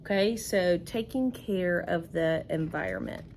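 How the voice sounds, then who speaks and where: Teacher lady walking kids through a worksheet, slow and patient, bit of vocal fry. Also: lowish voice, a little mellow, a little hiss or hum. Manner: patient, explaining step by step. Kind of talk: recorded reading lesson.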